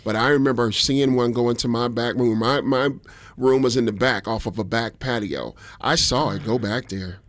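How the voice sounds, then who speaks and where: A man's voice: mid-range voice, moderate pace, no echo. A man from Detroit hosting a morning radio show, chatting casually and playfully imitating sounds. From Detroit, USA. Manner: animated, jokey, imitates sounds. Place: radio studio. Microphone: studio microphone.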